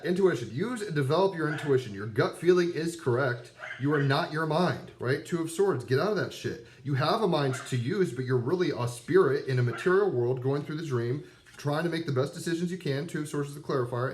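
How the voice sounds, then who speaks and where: A man's voice: on the high side, lively intonation, fairly quick, slight background noise. A man in his thirties giving a rambling, casual tarot pep talk full of fillers and asides. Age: 30s. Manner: rambling, conversational, many fillers. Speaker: tarot reader. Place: abroad with dogs nearby.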